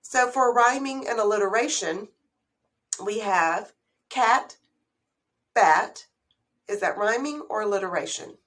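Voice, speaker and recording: A woman's voice: medium pitch, moderate pace, a bit bright. A woman giving a recorded slideshow lesson on early reading, speaking in a patient, explanatory way and putting questions to the listener. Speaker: literacy educator.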